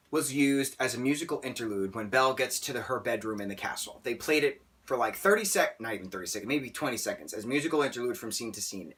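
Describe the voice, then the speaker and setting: A man ranting through a film review in an animated, exasperated and theatrical way, with sarcastic outbursts. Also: mid-range voice.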